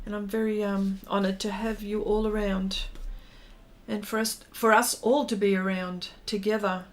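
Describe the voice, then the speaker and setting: A woman hosting an art livestream, chatting warmly and casually with viewers while she draws, with plenty of ums and heartfelt asides. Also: mid-range voice, level tone, normal speed. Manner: chatty and heartfelt, many ums, reads out chat comments.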